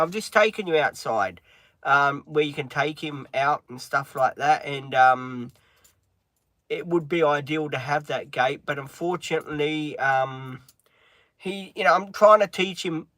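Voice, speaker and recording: A middle-aged man chats on a live stream from inside a van, rambling with lots of ums and breaking off to talk to his dog. His voice is on the high side, unhurried, bright and forceful, with no room sound.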